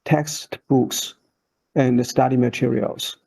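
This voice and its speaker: Very slow, gravelly-voiced male teacher. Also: mid-range voice, flat delivery, darkish tone, rough recording. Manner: slow, short broken phrases, drawn-out demonstration syllables. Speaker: Chinese teacher. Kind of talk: slow instructional voice-over.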